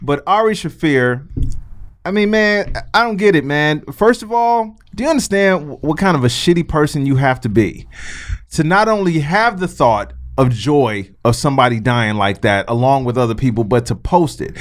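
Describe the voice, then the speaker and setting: Man, slightly high voice, podcast co-host, animated storyteller, swears a lot. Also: normal speed. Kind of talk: casual podcast chat.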